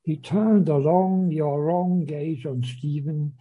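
A man's voice: a little high, steady tone, slow, breathy edge, phone-quality sound. A man lecturing on a novel, hesitating with frequent fillers and restarts as he reads passages aloud. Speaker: literature lecturer.

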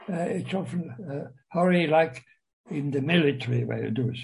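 A man giving a literature lecture, reading quoted lines aloud and explaining them, hesitant with many pauses and fillers. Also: a little high, gravelly, a little mellow, rough recording. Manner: slow, hesitant, many uhs, reads quoted lines with raised voice.

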